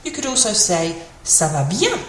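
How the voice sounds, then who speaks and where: A woman's voice: mid-range voice, huge pitch swings. Chatty woman teaching basic French. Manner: chatty, with fillers, repeats example phrases slowly. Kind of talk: casual spoken language lesson. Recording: echoey room with faint ambient noise.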